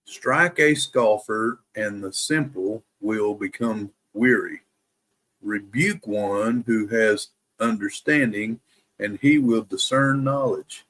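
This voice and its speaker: Slow, deliberate man reading scripture. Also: lowish voice, a bit bright. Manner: slow, deliberate reading, careful to pronounce every word. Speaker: host of a daily Bible reading live stream. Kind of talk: reading scripture aloud and chatting with viewers.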